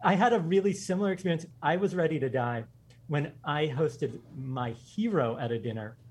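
A man with a slightly husky, somewhat high voice tells stories to his podcast hosts. He speaks with eager energy and laughs often. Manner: enthusiastic anecdotes, quick, laughing. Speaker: guest. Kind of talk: storytelling in a casual interview.

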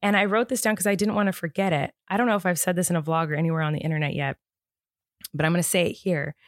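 A woman's voice: fairly low pitch, racing, no room sound. Chatty woman on a dry mic. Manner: chatty, animated storytelling with many "like"s. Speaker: podcast co-host. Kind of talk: casual chat.

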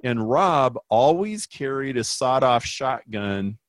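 A man, a business consultant guest, telling a story in an interview with emphatic, animated delivery. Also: medium pitch, slow pace, dry recording. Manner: animated, emphatic, acts out quoted voices.

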